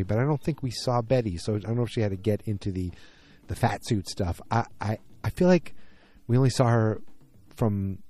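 A man's voice: medium pitch, warm tone. A man casually recapping a TV episode, rambling, correcting himself and acting out the characters' lines. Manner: rambling, self-correcting, acts out quotes. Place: outdoors.

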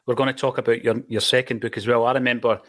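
A man at a medium pitch hosts a casual chat and keeps his guest going with brief, affirming words. He then moves into plain promotional remarks about links. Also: flat delivery, fast talker, fairly bright tone. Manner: encouraging, short affirmations. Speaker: host.

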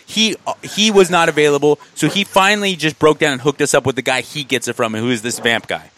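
A man telling a wild personal story in casual chat, animated and laughing as he goes. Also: fairly high pitch, fast. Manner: animated, laughs through his own story.

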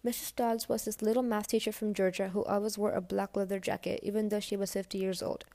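A woman's voice: medium pitch, little pitch movement, fast, warm tone, dry recording. A woman reading a novel aloud in a casual, first-person storytelling way. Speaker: audiobook reader.

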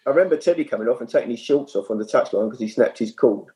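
A man, a former kit man, telling anecdotes as a guest in casual chat, with lively storytelling. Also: medium pitch, very fast, low-quality recording. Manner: animated, lively storyteller with frequent restarts.

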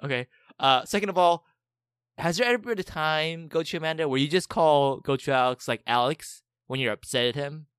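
A man's voice: fairly high pitch, brisk, fairly bright tone, clear, resonant tone, dry recording, clean studio sound. A man co-hosting a podcast, chatting casually in a teasing, giggly way. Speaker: podcast co-host. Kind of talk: casual chat.

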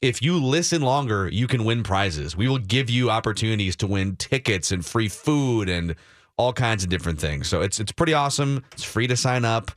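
A man's voice: on the low side, lively intonation, normal speed, no room sound. A man co-hosting a sports radio show, chatting casually and reading listener emails and draft picks aloud into a studio microphone.

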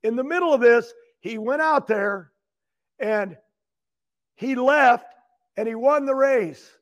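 A man's voice: very high-pitched, slow pace, muffled recording. An older man telling a long, emotional story as a guest, rambling and repeating words as he gets worked up. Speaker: guest, retired champion racer.

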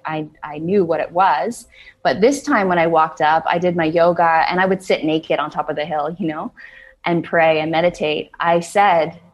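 Young woman telling her story, kinda low voice, earnest, lots of "like"s. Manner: earnest, frequent "like" fillers, acts out her own quoted words. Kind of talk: personal storytelling.

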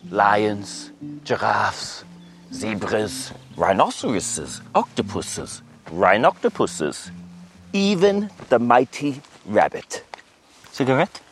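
A goofy imaginary dictator. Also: male voice, on the low side, sing-song, takes it slowly, faint music behind, exaggerated voice. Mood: theatrical. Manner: theatrical, swooping, coaxing delivery. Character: goofy, flamboyant imaginary dictator friend, adult man. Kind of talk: film dialogue.

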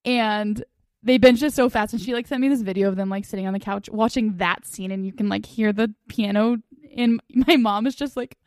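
A woman co-hosting a casual podcast chat, animated and laughing as she reminisces. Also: medium pitch, a little fast, clear, resonant tone, no echo, studio quality. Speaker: podcast co-host.

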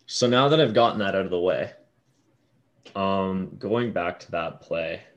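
Lower-voiced guy on a hockey podcast, calm, breaks down the standings. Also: a little slow, dull audio. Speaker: podcast co-host. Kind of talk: casual hockey chat.

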